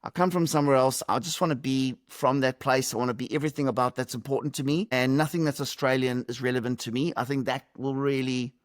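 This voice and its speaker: This middle-aged man from South Africa joins a podcast by video call, offering reflective, gently humorous interview answers. His medium-pitched, steady voice runs fast with few pauses, recorded dry at studio quality.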